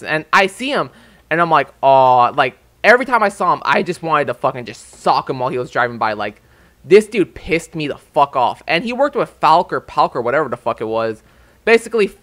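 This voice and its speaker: With a sharp tone and a voice on the high side, a young male vlogger goes on a casual, profane rant to his audience, growing heated as he goes.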